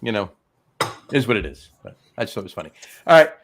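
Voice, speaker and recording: A man's voice: on the low side, big pitch swings, fast, background noise. A man with a New Jersey accent hosting a casual chat show, telling stories with plenty of ums and uhs. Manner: rambling storyteller, lots of ums and uhs. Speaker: host.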